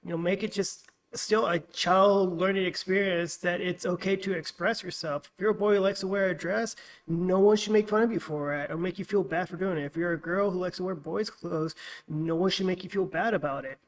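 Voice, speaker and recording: A man speaking as a podcast guest in casual chat, explaining his views in a measured way. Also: high voice, fairly even intonation, low-quality recording.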